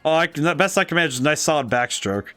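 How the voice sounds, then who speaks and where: A chatty old man with homespun sayings who hands out snacks, read aloud by a man with a dry throat. His voice sits a touch high and cracks now and then. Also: lively intonation, very fast, a bit bright, soft background music. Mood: folksy.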